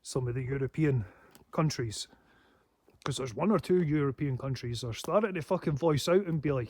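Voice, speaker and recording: A man's voice: on the high side, normal speed, mellow, no echo, clean studio sound. A man rambling in a casual vlog monologue, swearing often and breaking into laughs. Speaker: paranormal vlogger.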